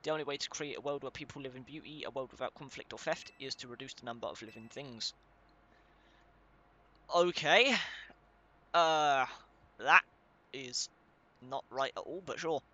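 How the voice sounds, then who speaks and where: A man's voice: mid-range voice, brisk, sharp tone, highs cut off. A young man giving casual commentary while reading game text aloud, swearing now and then and stumbling over hard names. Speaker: let's play gamer.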